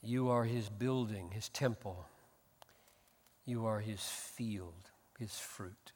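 A middle-aged man preaching a sermon as pastor, building from calm explanation to loud, emphatic peaks. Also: fairly low pitch, slow, in a large hall, slight background noise. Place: church.

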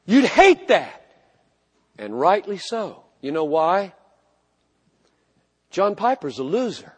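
A man preaching a sermon with passion, swinging from loud emphatic repetitions to hushed, low phrases. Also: sing-song, slow, breathy edge. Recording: long hall reverb.

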